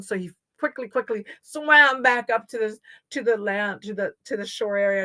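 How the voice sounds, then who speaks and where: Expressive woman storyteller from Canada. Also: mid-range voice, a little fast, dry recording. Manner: expressive, dramatic dynamics. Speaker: storyteller, knowledge keeper. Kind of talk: oral storytelling to an audience.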